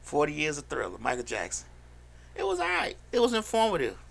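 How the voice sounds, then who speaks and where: A gravelly, bright-toned man chats on a podcast. His pitch swings freely as he talks, and his voice has a husky edge. He is blunt, loud and profane, and laughs often. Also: huge pitch swings, a little fast. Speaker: podcast co-host. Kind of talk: casual chat.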